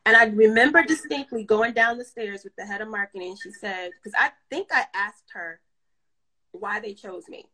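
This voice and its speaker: A woman's voice: mid-range voice, normal speed, pushed and bright, low-quality recording. A woman guest in a casual interview, telling stories candidly and laughing often. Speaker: guest photographer.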